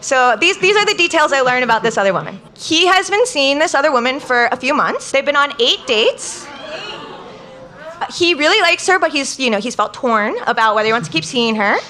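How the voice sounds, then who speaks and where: Bright high-voiced woman telling a story. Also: a little fast. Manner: chatty, peppered with "like", quotes people in lively bursts. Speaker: guest storyteller. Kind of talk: comic storytelling to a live crowd. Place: live show stage.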